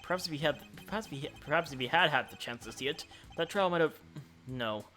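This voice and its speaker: A man voicing a serious, composed male prosecutor who speaks in a measured, reserved, dry way. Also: on the high side, lively intonation, sharp tone, soft background music. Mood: somber.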